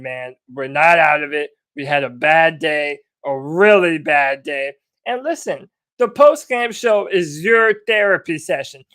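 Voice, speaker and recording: A man's voice: high voice, fairly bright tone. A man co-hosting a sports podcast, fired up and giving a pep talk. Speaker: podcast co-host.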